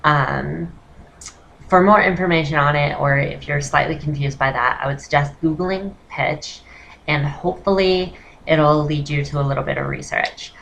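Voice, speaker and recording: A woman's voice: deep voice, normal speed, gravelly, fairly bright tone, highs cut off, a little hiss or hum. A woman talking straight to her viewers in a chatty, self-deprecating way as she explains a voice lesson in a casual vlog. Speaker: voice-lesson vlogger.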